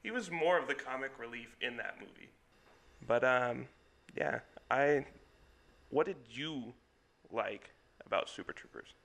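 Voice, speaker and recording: Bright, gravelly man co-hosting a comedy movie podcast, teasing and contrary. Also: medium pitch, lively intonation. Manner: teasing, argumentative, quick to laugh. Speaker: podcast co-host. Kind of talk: casual comedy movie chat.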